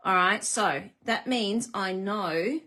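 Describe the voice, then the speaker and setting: A woman's voice: mid-range voice, slow, pushed and bright. A woman hosting a live card-making demonstration, chatty and self-deprecating, greeting viewers as she works. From Australia.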